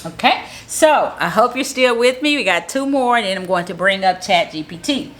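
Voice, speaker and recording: A woman with a bright, forward voice teaches a casual how-to lesson. She sounds upbeat, positive and motivational, circling back over each point in plain, encouraging words. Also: medium pitch, lively intonation, moderate pace. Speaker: marketing strategist. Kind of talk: casual how-to tutorial to camera.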